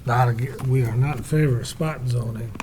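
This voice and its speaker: A man's voice: medium pitch, normal speed. A man on a city commission, making brief, matter-of-fact remarks during a meeting. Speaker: commission member. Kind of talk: meeting discussion. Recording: noisy meeting room recording.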